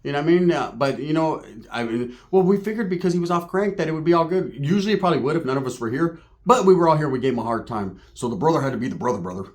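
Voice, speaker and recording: Cast note: swearing, animated male storyteller, high-ish and full of swings in pitch. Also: racing, few pauses. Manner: profane, animated, acts out quotes. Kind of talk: casual comic storytelling.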